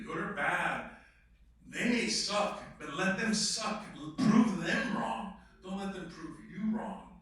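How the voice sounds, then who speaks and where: A man's voice: high-pitched, sharp tone. Actor guy talking blunt and emphatic, swears a lot, punchy voice, mic far off in a really echoey room. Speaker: actor guest on a podcast. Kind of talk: animated storytelling in conversation. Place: filmmaker workshop room.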